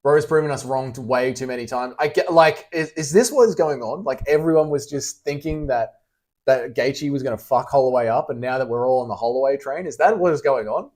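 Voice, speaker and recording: A man's voice: mid-range voice, a little fast, a little mellow. A young Australian man casually chatting on a livestream, reading out and answering chat messages with blunt, teasing, sweary banter.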